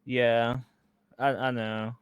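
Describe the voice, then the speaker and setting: A man playing a police cadet, speaking in a halting way and asking politely. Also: mid-range voice, level tone, clean tone, no echo, dull audio. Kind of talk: casual role-play banter.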